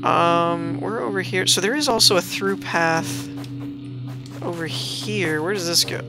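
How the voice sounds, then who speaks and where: A chatty let's-play host talking through a fantasy game, reading item text aloud and reacting with quick exclamations. Mid-range voice, with game music clearly behind. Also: medium pitch. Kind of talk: casual gameplay commentary.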